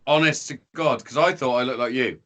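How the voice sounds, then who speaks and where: An English man guests on a podcast, telling stories in a casual, rambling way, swearing freely and slipping into voices to mimic the people in his tales. His voice is medium in pitch and fairly bright, and he talks a little fast.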